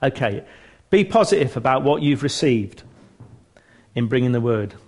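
A man of middling pitch delivers a relaxed church teaching talk. He speaks earnestly but conversationally, often restarting his sentences and slipping in self-mocking humour. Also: moderate pace.

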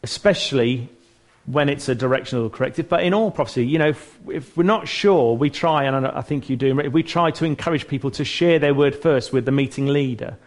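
A man's voice: medium pitch, fairly quick. Earnest, chatty man teaching church. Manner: chatty and earnest, with frequent restarts and self-mocking humour. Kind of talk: informal church teaching talk.

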